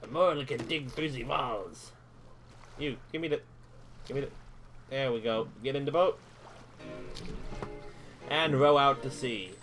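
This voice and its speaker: A man giving casual let's-play commentary, chatting to himself as he plays and breaking into excited bursts. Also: mid-range voice, unhurried, pauses often, faint music behind. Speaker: gamer streaming a playthrough.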